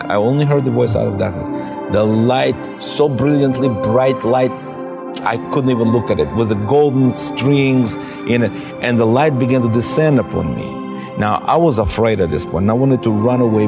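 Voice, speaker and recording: Man, low gravelly voice, halting testimony, repeats words, long reverb, faint music. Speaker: guest giving testimony. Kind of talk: emotional personal testimony.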